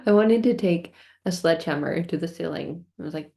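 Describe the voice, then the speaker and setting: A woman's voice: medium pitch, brisk, darkish tone. A woman hosting a casual self-help vlog, telling a story expressively, acting out her frustration in quoted outbursts and repeating phrases in rhythmic lists. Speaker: self-help video host.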